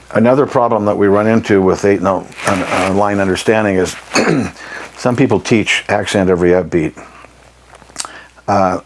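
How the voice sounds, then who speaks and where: In an instructional demonstration, a deep-voiced man teaches jazz articulation in a plain-spoken, emphatic style. He clears his throat often and scats rhythms to illustrate his points, and the audio quality is poor.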